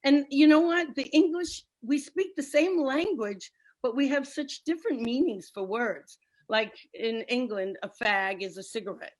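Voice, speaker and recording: A woman's voice: high voice, expressive, moderate pace. A middle-aged woman doing a brash, punchy stand-up comedy set from home on a video call. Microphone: computer mic on a video call. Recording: noisy video call audio.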